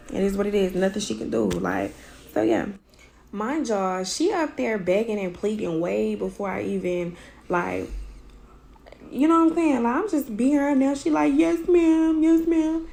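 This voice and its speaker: A hoarse mother, her voice worn out, recounting a fight in a blunt, emphatic, profane way. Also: mid-range voice, darkish tone, a little hiss or hum. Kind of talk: casual storytelling.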